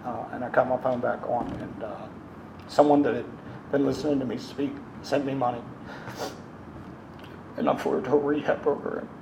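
A young man tells his story at a recovery meeting, halting and earnest, filling the gaps with ums and uhs. His voice sits at an ordinary pitch. The room is echoey with a faint hum of noise behind him. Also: gravelly. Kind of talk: personal testimony at a recovery meeting.

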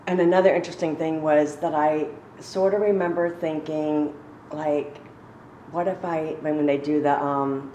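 A woman giving a halting, reflective personal testimony as a recovery speaker, with many pauses and fillers. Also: low voice, roomy sound, a little hiss or hum.

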